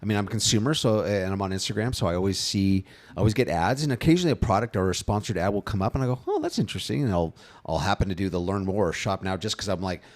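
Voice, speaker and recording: A man in his fifties co-hosting a casual branding podcast, with a fairly low voice. He talks in an animated way, leaping up in pitch to act out the people he quotes. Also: fast talker. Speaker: co-host, brand strategist.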